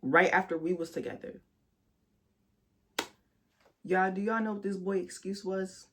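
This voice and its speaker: A young woman recounts a painful chapter of her life on her vlog, swearing freely and addressing viewers as if they were friends. When she is indignant her voice jumps high and loud. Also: fairly even intonation, unhurried, slight background noise. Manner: candid, profane storytelling that addresses viewers directly; bursts into loud, high outbursts when outraged. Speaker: vlogger. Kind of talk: storytime vlog.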